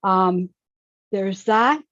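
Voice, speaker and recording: A blunt, outspoken woman speaks on an online call. She talks slowly and deliberately, with dull, lo-fi call audio and a dry sound. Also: medium pitch, a bit bright, dry recording. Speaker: panelist. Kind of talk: casual online chat. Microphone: video call.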